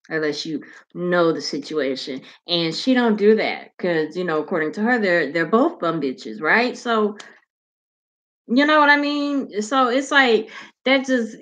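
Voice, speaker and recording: A woman's voice: medium pitch, a bit bright. Candid slangy woman chatting on her stream. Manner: loose, slangy and candid, with frequent swearing. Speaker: host of her own talk channel. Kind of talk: casual livestream chat reading viewer comments.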